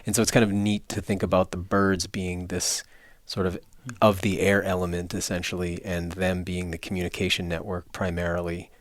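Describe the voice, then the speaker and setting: A man's voice: low voice, little pitch movement, normal speed, few pauses, no room sound. A man hosting a podcast, asking musing questions in a playful, casual way. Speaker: podcast host. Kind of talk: casual interview.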